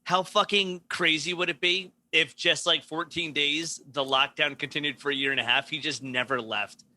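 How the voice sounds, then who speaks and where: A man's voice: a little high, fairly even intonation, moderate pace, bright, forceful tone, no room sound. A man from New York, a comedian, chatting casually on a podcast and laughing often while riffing. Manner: laughs often, does impressions.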